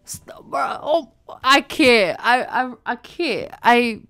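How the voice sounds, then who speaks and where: A woman hosting a reaction video in casual, excitable talk, gasping, repeating herself and slipping into slang. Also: fairly high pitch, slow pace, no echo, faint music behind. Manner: slangy, says "bro" and "y'all".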